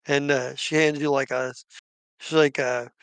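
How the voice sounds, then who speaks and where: A man running a tabletop game as game master, narrating in a halting way with many restarts. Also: medium pitch, flat delivery, fairly bright tone, smooth, dry recording.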